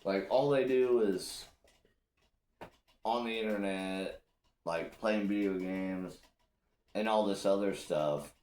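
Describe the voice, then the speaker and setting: A man's voice: on the low side, takes it slowly, pauses often. A man hosting a casual chat, telling loose, profane stories with lots of energy. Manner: loose, profane, animated storytelling. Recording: echoey room with faint noise.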